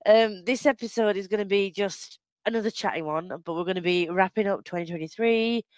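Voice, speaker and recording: A woman's voice: medium pitch, brisk, no echo. Female co-host, giggly rambling chatter, dry close sound. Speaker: podcast co-host. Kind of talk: casual chat.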